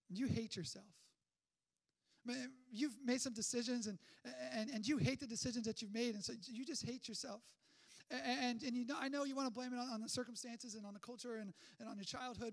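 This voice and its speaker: A man with a very high voice preaches to his church. He talks in a conversational, energetic way, firing off rhetorical questions and often restarting his sentences. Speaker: pastor. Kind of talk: sermon.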